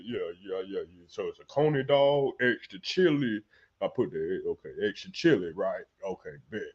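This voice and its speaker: Man voicing a low, mumbling stoner cook, profane and scatterbrained, lo-fi sound. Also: animated, normal speed, darkish tone. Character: male restaurant cook, frantic stoner, loses his stash.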